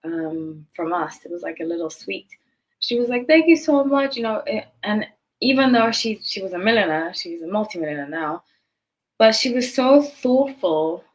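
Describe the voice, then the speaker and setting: A woman's voice: fairly low pitch, moderate pace, poor audio. Chatty woman telling a rambling story. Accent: non-local accent noticed by others. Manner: rambling, chatty, full of asides and self-corrections. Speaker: tarot channel host. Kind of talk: casual storytelling to camera.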